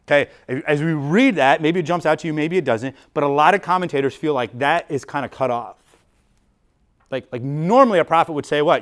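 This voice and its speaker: A slightly high-voiced man talks fairly quickly as he preaches, working through the text like a pastor explaining things informally. His conversational sermon is full of restarts and the word "like."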